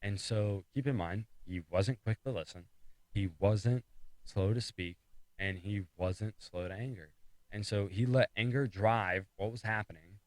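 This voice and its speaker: A man with a low voice gives a casual devotional talk in a dry, close-sounding room. He talks loosely, repeating phrases for emphasis and circling back as he retells a story. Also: measured pace, dry recording, poor audio. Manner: rambling, fillers and restarts, retelling a story. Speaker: speaker of a faith talk series.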